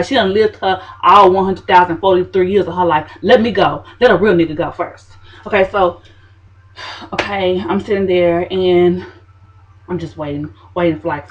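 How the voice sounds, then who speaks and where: A woman's voice: medium pitch, lo-fi sound, slight background noise. A woman telling a story to camera in a sassy, dramatic diva manner. She keeps tossing in "okay, honey.". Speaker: vlogger.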